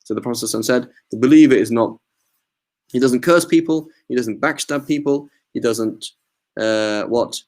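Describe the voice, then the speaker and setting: A man teaches a relaxed religious class in a mosque, speaking loosely and conversationally. His voice sits at an ordinary middle pitch, and he often tags his points with "right?" and drops in Arabic religious terms. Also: a little fast. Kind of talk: informal religious class with questions.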